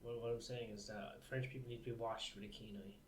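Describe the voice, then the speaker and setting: A man's voice: mid-range voice, little pitch movement, fast. An Irish man co-hosting a podcast, chatting casually with crude, rambling jokes. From Ireland. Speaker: podcast co-host. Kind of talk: casual comedic chat.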